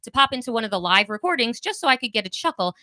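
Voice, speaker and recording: A woman's voice: a little high, sing-song, racing, sharp tone, dry recording. A woman co-hosting a podcast, chatting casually and reading listener comments aloud with wry, giggly asides. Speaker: podcast co-host.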